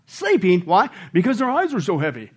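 A man preaching a sermon, animated and joking, often asking his listeners questions. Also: high-pitched, brisk, breathy edge. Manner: animated, asks the congregation questions, jokes. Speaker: pastor.

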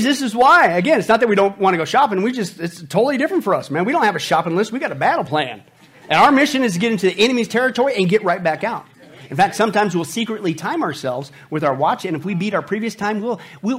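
A man's voice: high-pitched, breathy edge. A man preaching a humorous sermon, acting out little scenes and voices. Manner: animated, acts out voices and scenes. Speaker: pastor.

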